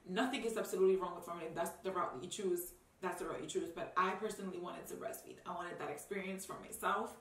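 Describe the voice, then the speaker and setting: This is a personal talk to camera by a young new mother whose heartfelt speech wanders, with frequent ums and false starts, and who grows tearful now and then. Her lowish voice has a slightly bright edge. The recording has a roomy feel, with the microphone set somewhat far away.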